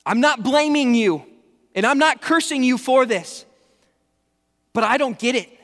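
A man's voice: very high-pitched, expressive, measured pace, a bit bright, pitched above the performer's own voice, heavily acted. A man voicing Job as a suffering, bewildered figure who pleads and cries out, in a hall with reverb. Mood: anguished pleading.

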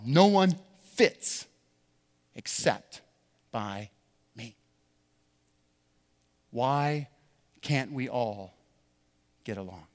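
A man preaching a sermon as pastor, telling a story in an animated way and building to emphatic points. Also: mid-range voice, big-room sound. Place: church sanctuary.

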